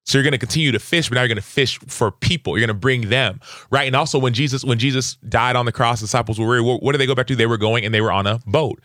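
A young adult man, a football player, telling earnest, animated stories as a podcast guest. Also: medium pitch, racing, few pauses, no room sound, clean studio sound. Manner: earnest, animated, lively acted-out quotes. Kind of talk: conversational interview storytelling.

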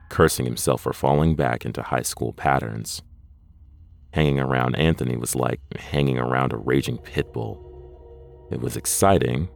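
A man narrating a horror story in a measured, deliberate scripted reading. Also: extremely low pitch, gravelly, a little mellow.

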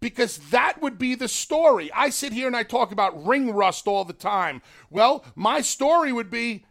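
Very high-voiced emphatic man. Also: animated, moderate pace, gravelly, few pauses, a bit bright. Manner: emphatic storyteller who acts out lines in character. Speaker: podcast co-host. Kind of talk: casual chat.

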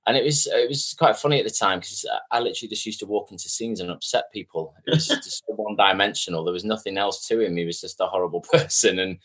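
A man's voice: on the low side, quick pace, hardly any pauses. A man, an actor guest telling self-mocking stories in a casual interview. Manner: chatty, self-mocking storyteller, lively quoting.

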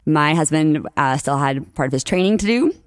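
A young woman from New Orleans, a podcast guest, telling lively stories in casual chat and acting out the lines of the people she quotes. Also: low voice, moderate pace, no room sound, studio quality. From New Orleans, USA. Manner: animated storyteller, acts out quotes, laughs often.

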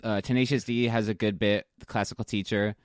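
A man's voice: on the low side, fairly even intonation, a little fast, no echo. A man hosting a casual comedy podcast, chatting and laughing often. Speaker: podcast host. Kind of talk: casual chat.

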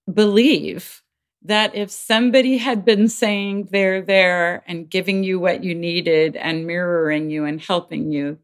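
A woman with a notably low voice talks earnestly in a relaxed interview. She is middle-aged and animated, breaking into high, sing-song quoted voices before dropping back to her low, steady register. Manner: earnest, acts out quoted voices with big pitch jumps. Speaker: podcast guest, child advocate. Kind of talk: conversational interview talk.

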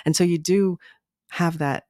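A woman's voice: lowish voice, fairly even intonation, unhurried, dark tone, no room sound, studio quality. A middle-aged woman, a podcast guest and content creator, chatting casually and laughing often. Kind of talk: casual interview chat.

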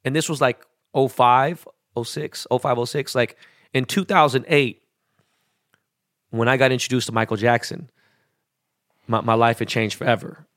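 A man, a jeweler and interview guest, telling stories in a slangy, animated way full of quoted dialogue. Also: mid-range voice, normal speed, pauses often, dry recording, clean studio sound. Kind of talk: casual storytelling interview.

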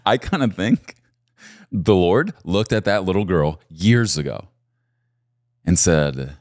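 A man preaching a sermon, animated and repeating key phrases for emphasis. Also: sits low, takes it slowly, pauses often, no room sound, studio quality. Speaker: pastor.

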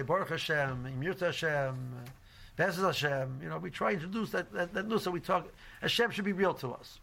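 Gravelly man giving a rambling Torah class. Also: sits high, fairly bright tone, a little hiss or hum. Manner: rambling, full of "you know" and restarts; mixes Hebrew and Yiddish terms into English. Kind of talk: informal religious lecture.

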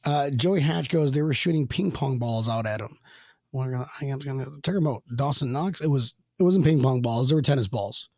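Host type, male, gravelly, slightly high voice, loose and excitable, dry close mic. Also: brisk, no echo. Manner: excitable, laughing, rambling with restarts. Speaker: podcast host. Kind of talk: casual sports chat.

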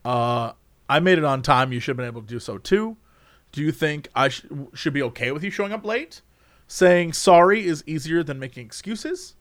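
A man's voice: a little high, expressive, normal speed, a bit bright, dry recording, clean studio sound. A young man hosting a casual chat, reading quiz questions aloud and joking about the answers, with some swearing. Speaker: host.

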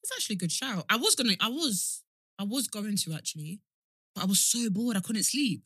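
A woman's voice: mid-range voice, expressive, brisk, a bit bright, breathy edge, dry recording, clean studio sound. A woman co-hosting a podcast, chatting casually with lots of laughs and slang. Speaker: podcast co-host. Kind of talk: casual chat.

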